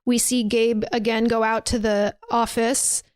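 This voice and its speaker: A woman's voice: a little high, little pitch movement, measured pace, clean tone, dry recording, studio quality. A woman hosting a podcast, casually recapping a horror movie, swearing and acting out the characters' lines. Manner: chatty, acts out quotes, swears freely.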